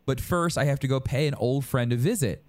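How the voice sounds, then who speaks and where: A man's voice: medium pitch, fairly quick. A man co-hosting a podcast, rambling in casual chat with many restarts and fillers. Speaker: podcast co-host.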